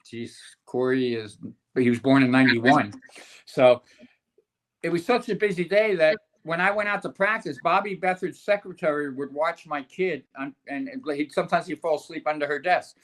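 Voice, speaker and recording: A man's voice: fairly high pitch, normal speed. An older man, a sportswriter guest, telling long anecdotes with frequent restarts and chuckles. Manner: rambling, chuckling storyteller with many restarts. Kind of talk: anecdotal podcast storytelling.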